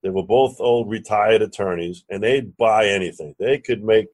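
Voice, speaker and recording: Husky New man telling a story. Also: on the low side, moderate pace. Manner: animated anecdote teller, acts out quoted dialogue, curses casually. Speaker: guest, real estate investor and lender. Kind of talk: storytelling in a podcast interview.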